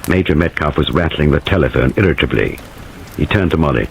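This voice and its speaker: A man narrating an audiobook in an expressive, dramatic reading. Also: a bass voice, brisk, gravelly, slight background noise, rough recording.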